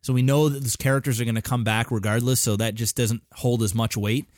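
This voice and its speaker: A man's voice: medium pitch, steady tone, a little mellow, dry recording, clean studio sound. A man co-hosting a gaming podcast, talking casually and rambling with many fillers and restarts. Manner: rambling, halting, swears casually. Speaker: podcast co-host. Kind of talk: casual chat.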